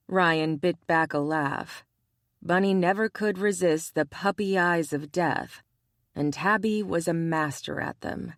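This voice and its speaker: A woman narrating a romance audiobook in a measured, even read on a close mic. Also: lowish voice, dry recording.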